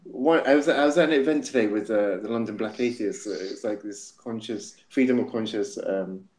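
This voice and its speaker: A man's voice: on the low side, fairly quick, darkish tone. A man hosting a podcast, telling a story in casual chat with a rambling manner. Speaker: podcast host. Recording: echoey room.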